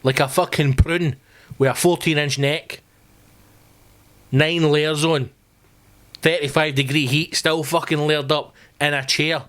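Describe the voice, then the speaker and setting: Scottish guy on his podcast, swearing and rambling, slightly high voice. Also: fairly even intonation, unhurried, long pauses, fairly bright tone. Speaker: podcast host. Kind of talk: comedic podcast rant.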